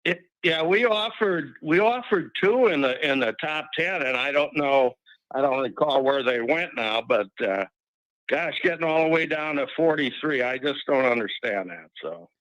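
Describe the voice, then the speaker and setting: A man's voice: a little high, lively intonation, moderate pace, a bit bright, dry recording, low-quality recording. A man calling in to a sports talk show, chatty and wry, rambling a little as he talks. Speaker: regular caller. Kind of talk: call-in sports chat.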